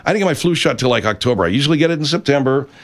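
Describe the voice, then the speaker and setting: Comedy talk radio host, male, animated pitch, earnest delivery full of hesitations. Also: racing. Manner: hesitant, restarting, mock-earnest.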